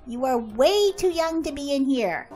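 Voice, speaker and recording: A woman with a high voice gives casual, chatty commentary over a life-sim game, full of playful exclamations. Music plays clearly behind her. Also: lively intonation, measured pace. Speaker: gaming channel host. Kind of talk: casual let's-play commentary.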